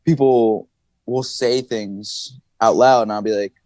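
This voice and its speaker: A man as a podcast guest, telling stories in casual chat, animated, laughing and swearing as he goes. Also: fairly low pitch, takes it slowly, no echo. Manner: animated, swings his voice up and down, laughs and swears often.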